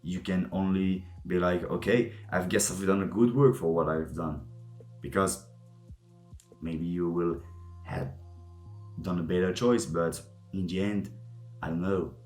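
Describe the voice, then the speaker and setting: A man's voice: low-pitched, a little slow, pauses often, a little mellow. A young man, a vlogger musing aloud in a rambling way, often searching for his words. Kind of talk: casual reflective monologue to camera. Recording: echoey room with faint music.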